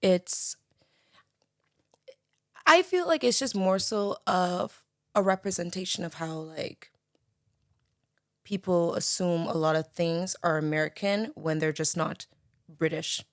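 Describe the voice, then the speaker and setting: A woman's voice: fairly low pitch, lively intonation, takes it slowly, pauses often, a bit bright, no room sound, clean studio sound. A young woman from the Bahamas with a light Bahamian accent, chatting as a podcast guest and filling her talk with "like" and "you know". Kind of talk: casual conversation.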